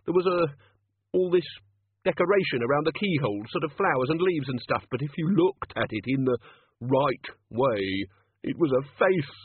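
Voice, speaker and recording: A man's voice: fairly high pitch, breathy edge, no echo, pitched above the performer's own voice. A man reading aloud, voicing a jumpy, terrified man with a shaky, quavering voice, over a phone-like line. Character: terrified jumpy man, haunted by childhood fears. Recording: phone-like lo-fi recording.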